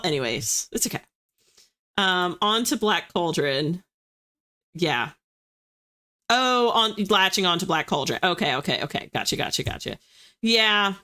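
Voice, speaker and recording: A young woman from the US East Coast casually reads viewer comments on her livestream, joking at her own expense. Her fairly low voice sounds pushed and bright.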